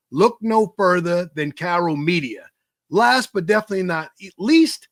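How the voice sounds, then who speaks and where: An enthusiastic male podcast host with a high voice, pumping up his audience. The sound is dry and close, with no room around it. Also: dry recording. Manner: enthusiastic, hype-style delivery. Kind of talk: energetic podcast hosting.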